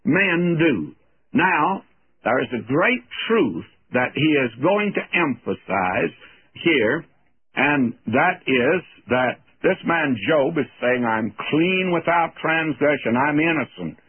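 A man's voice: on the high side, big pitch swings, slow pace, breathy edge. A man giving a verse-by-verse Bible teaching as a radio preacher, reading scripture aloud and then explaining it plainly. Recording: narrow phone-like old radio broadcast.

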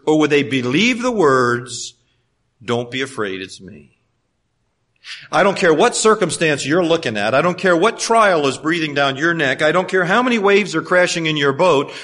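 A man preaching a sermon as a pastor, animated, swinging between loud emphasis and hushed tones, with folksy humorous asides. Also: a little high.

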